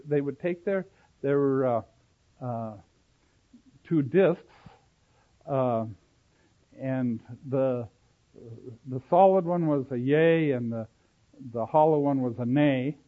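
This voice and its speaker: Digressive Bible teacher on a tinny line. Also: male voice, fairly high pitch. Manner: explanatory, digressive, self-correcting. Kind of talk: Bible study lecture. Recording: tinny phone-like sound.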